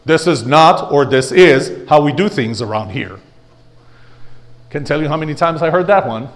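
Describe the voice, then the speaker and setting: A man giving a blunt, animated leadership lecture to a live audience, asking rhetorical questions and having the audience repeat phrases after him. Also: fairly high pitch, normal speed.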